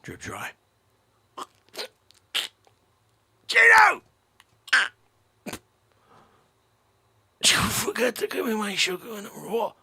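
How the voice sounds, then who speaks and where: A man voicing a loud, bossy older man character who rambles manically and yells demands. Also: sits high, wildly swooping pitch, normal speed, gravelly, slightly rough, no echo, pitched above the performer's own voice, full character voice. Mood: demanding.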